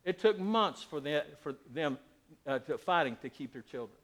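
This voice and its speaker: Middle-aged male pastor, high voice, lively sermon delivery with loud and quiet swings. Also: moderate pace. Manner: animated preaching, swings between loud and quiet.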